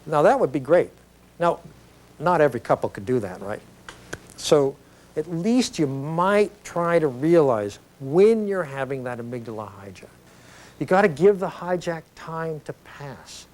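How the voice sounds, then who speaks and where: Middle-aged guy lecturing on video, chatty and animated, keeps asking "right?". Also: a little high. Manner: conversational, animated storytelling with tag questions.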